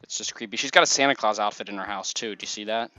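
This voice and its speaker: A man's voice: lowish voice, quick pace, bright, forceful tone, muffled recording. A man giving casual, rambling gameplay commentary, full of "like"s. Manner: chatty, rambling, many "like"s. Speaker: let's play gamer.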